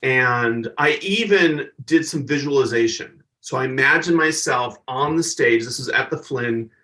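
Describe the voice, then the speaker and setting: A man's voice: medium pitch, unhurried, distant mic. A man, a stand-up comedian and guest, telling stories in a casual interview and acting out the people he quotes. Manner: animated storyteller, acts out the people he quotes.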